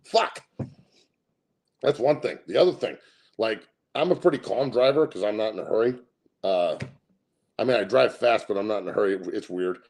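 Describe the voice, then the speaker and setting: Gravelly, brash, profane host. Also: male voice, lowish voice, normal speed, long pauses. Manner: loud, brash and profane, laughs often. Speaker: sports show host. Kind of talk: profane casual sports commentary.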